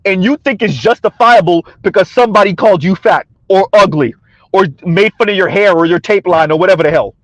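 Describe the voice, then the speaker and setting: A man's voice: high-pitched, brisk, no echo. A man giving a combative, sarcastic opinion rant to his viewers, repeating his points and laughing between them. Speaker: commentary vlogger.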